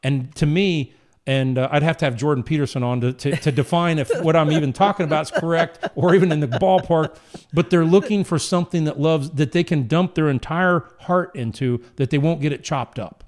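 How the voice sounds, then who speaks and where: A man's voice: on the high side, a little fast, darkish tone. Rambling male host telling stories. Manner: rambling storyteller, frequent restarts. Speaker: podcast host. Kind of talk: casual conversation.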